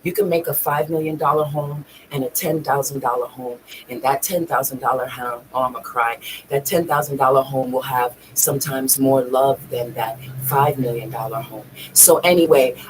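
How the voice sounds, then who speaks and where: A woman's voice: extremely low pitch, a little hiss or hum, rough recording. Woman telling a raw personal story. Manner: raw, profane, tearful at times. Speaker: vlogger.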